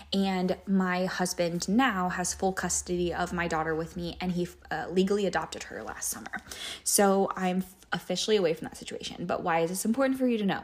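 Woman, late 20s, lowish voice, podcast host, personal storytelling, candid, emotional, filler-heavy. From Kansas. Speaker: podcast host and business owner.

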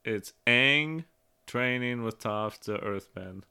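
A man's voice: mid-range voice, slow, creaky, sharp tone, smooth. A man co-hosting a podcast, casually recapping episodes, swearing and quoting lines. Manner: retells scenes with quoted lines. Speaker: podcast co-host.

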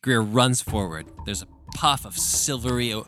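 A man's voice: medium pitch, moderate pace, pushed and bright, soft background music. A man playing a tabletop game, describing his character's moves and spells in an engaged, casual way. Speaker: player.

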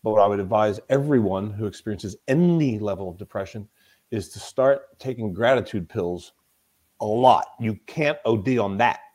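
A man's voice: on the low side, moderate pace, a little mellow. A man speaking as a guest in a conversational podcast interview. He talks as a mental toughness coach, telling stories with emphasis and often repeating himself.

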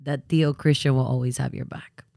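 A young pregnant woman co-hosting a chatty podcast, her voice dry and close in a small room. She laughs easily and goes tearful and soft when moved. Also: rumbling low, fairly even intonation, normal speed, vocal fry, dry recording. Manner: emotional, laughing through tears. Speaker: podcast co-host. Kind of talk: casual chat.

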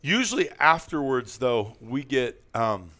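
Male podcast host, easygoing and rambling, chuckles, middle pitch, mid-sentence restarts. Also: big pitch swings, unhurried, pushed and bright. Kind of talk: casual podcast chat.

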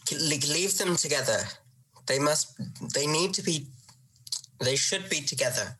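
A woman's voice: sits low, measured pace, pushed and bright, breathy edge, low-quality recording. A woman playing a tabletop role-playing game in character as the lady of a house, speaking in an imperious way and stammering when agitated.

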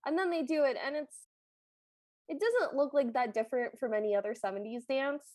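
A woman's voice: sits high, a little fast, darkish tone, dry recording. A woman co-hosting a podcast, chatting casually and acting out quotes with playful voices. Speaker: podcast co-host. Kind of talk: casual chat recapping a TV special.

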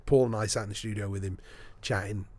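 A man's voice: fairly low pitch, fast talker. A man, a sports broadcaster telling stories in a podcast interview and acting out the people he quotes. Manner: lively storyteller, acts out the people he quotes. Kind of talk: anecdotal storytelling in a podcast interview.

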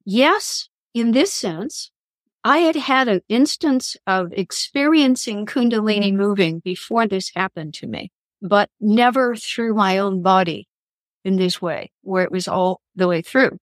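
A woman speaks in an earnest, reflective way as she recounts spiritual experiences for a podcast interview. Her voice sits at a middling pitch and is recorded close and dry, with no room around it. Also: measured pace, no room sound. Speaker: guest, author and columnist. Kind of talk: podcast interview, personal storytelling.

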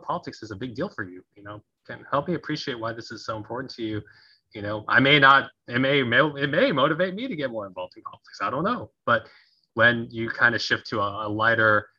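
A man talking as a conflict resolution coach in a casual podcast interview, animated and laughing often as he acts out sample phrases. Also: fairly low pitch, breathy edge. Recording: dull lo-fi audio.

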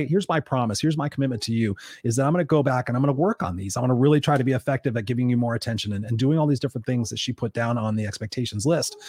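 This is motivational livestream talk from a middle-aged male host who discusses relationships earnestly and emphatically. He reads viewer comments aloud, his voice rising as he quotes them. His voice sits in the mid range, and there is no echo.

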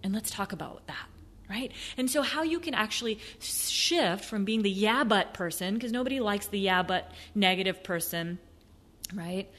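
A woman hosting a motivational sales podcast, animated, acting out excuses in a high mocking voice and sometimes dropping to a soft near-whisper. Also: moderate pace. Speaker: podcast host, sales coach. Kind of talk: motivational solo podcast talk.

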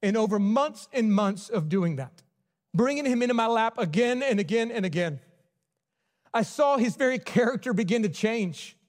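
A man preaching a sermon in a church, telling a personal story earnestly and dropping to a near hush at tender points. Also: high voice, expressive, normal speed. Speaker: pastor. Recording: long church hall reverb.

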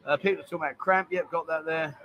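A man's voice: on the high side, steady tone, rapid-fire, highs cut off, slight background noise. Chatty man hosting a live stream. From England. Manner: chatty, reads out viewer greetings and banters. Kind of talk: casual live stream chat.

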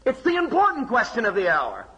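High, bright-voiced man preaching. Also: huge pitch swings, breathy edge, lo-fi sound. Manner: emphatic, rhetorical questions, dramatic pauses. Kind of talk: sermon. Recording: long hall reverb.

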